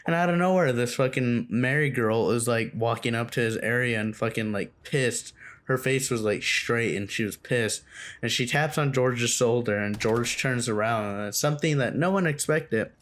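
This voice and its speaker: A man's voice: mid-range voice, moderate pace, a bit bright. A young man telling a story from his school days in a casual, rambling, profane way, full of fillers like "like". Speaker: storytime vlogger.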